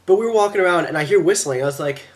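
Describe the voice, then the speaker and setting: A teenage boy telling a quick, excitable vlog story about a trip, slipping into silly voices when quoting people, recorded at his computer. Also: high-pitched. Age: teens. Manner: fast, excitable, acts out quotes in silly voices. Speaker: exchange student vlogger.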